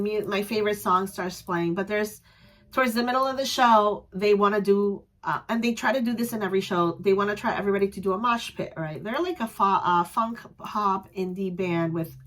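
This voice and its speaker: A young adult woman vlogger telling a story in a casual, chatty way, animated and quick to laugh. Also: medium pitch.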